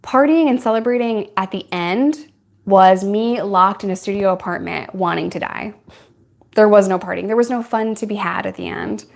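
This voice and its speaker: A woman's voice: mid-range voice, normal speed, gravelly. A young woman YouTuber answering viewer questions in a candid, chatty way, laughing often. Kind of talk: casual Q&A chat.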